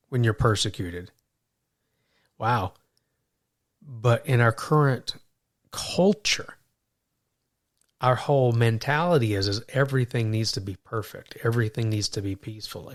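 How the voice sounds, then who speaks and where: A man co-hosting a Christian podcast, telling stories animatedly, stumbling and repeating words as he starts sentences. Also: lowish voice. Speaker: podcast co-host. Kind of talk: faith podcast conversation.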